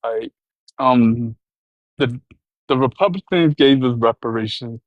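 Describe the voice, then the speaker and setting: A man's voice: mid-range voice, no room sound. Hesitant male caller on a dull line. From Virginia. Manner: hesitant, halting, full of ums.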